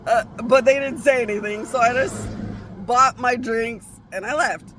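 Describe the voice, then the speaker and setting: A woman's voice: a little high, steady tone, a little slow, a bit bright, slight background noise. A woman vlogging a casual, rambling monologue, profane and often breaking off to restart her sentences.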